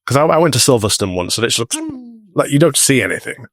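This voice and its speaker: A man who is a priest, co-hosting a podcast, chatting in a friendly way with quick asides. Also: mid-range voice, expressive, fairly bright tone, no room sound, studio quality. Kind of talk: casual chat.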